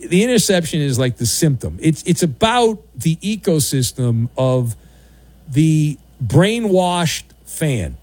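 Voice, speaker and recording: Sarcastic, animated sports radio host. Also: male voice, a little high. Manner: sarcastic, mocking, theatrical voices. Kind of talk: opinionated sports talk monologue.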